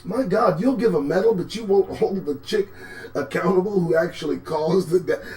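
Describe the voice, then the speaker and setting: A man hosting a live commentary show, talking in a sarcastic, profane way and swinging from low mutters to sudden shouts. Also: moderate pace. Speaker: host.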